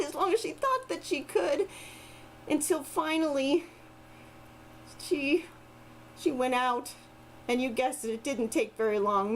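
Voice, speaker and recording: A woman telling a folk tale aloud, expressive and lively. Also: high voice, a little hiss or hum, low-quality recording. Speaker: storyteller. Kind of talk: oral storytelling.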